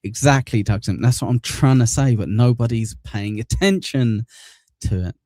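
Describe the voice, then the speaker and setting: A man's voice: mid-range voice, expressive, moderate pace, mellow, no room sound, clean studio sound. A man hosting a casual livestream, chatting and joking as he reads viewer comments aloud, dropping in crude insults. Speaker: livestream news show host. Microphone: desk mic in front of a green screen.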